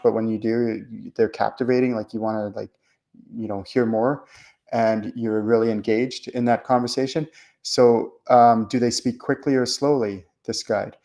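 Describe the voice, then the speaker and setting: Chatty, rambling man host. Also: medium pitch. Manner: rambling, animated, many fillers and restarts. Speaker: spiritual channeler hosting a call-in show. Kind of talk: casual teaching monologue.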